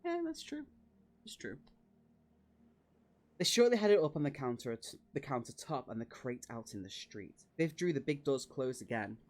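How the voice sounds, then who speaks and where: Casual male read-along streamer, mid pitch, chatty, self-correcting. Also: very animated, normal speed. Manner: chatty, laughs and corrects his own slips. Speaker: streamer reading a book aloud.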